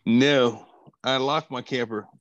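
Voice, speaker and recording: A man's voice: medium pitch, steady tone, slow, a bit bright, dull audio, a little hiss or hum. A slightly tipsy man chatting casually, rambling and restarting his sentences. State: a little tipsy. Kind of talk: casual chat.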